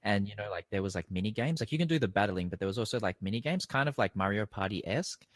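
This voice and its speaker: A young Australian man chatting casually on a video call, rambling with lots of fillers and quick apologies. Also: fairly low pitch, animated, no echo. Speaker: interviewee. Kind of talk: casual chat.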